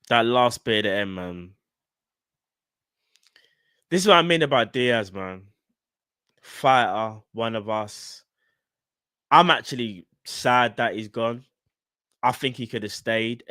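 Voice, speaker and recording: A man's voice: fairly low pitch, fairly bright tone, no echo, studio quality. A man hosting a live fan stream, talking casually and in slang straight to his chat. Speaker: fan channel host.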